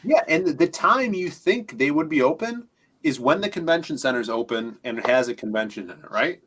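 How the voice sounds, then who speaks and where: A man's voice: on the high side, animated, fairly quick, fairly bright tone, breathy edge. A man co-hosting a comics podcast, chatting casually and joking playfully. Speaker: podcast co-host. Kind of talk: casual chat.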